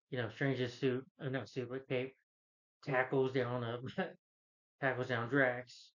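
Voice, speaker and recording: A man's voice: mid-range voice, a bit bright, highs cut off. A man casually recapping a film's plot, rambling with lots of fillers and self-corrections. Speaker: film reviewer.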